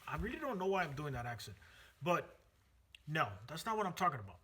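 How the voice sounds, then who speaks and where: A man's voice: a little high, big pitch swings, a little fast, bright, forceful tone, slightly rough. A man hosting a car channel, talking casually and energetically to camera, full of fillers and self-corrections. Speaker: car channel host, automotive technician.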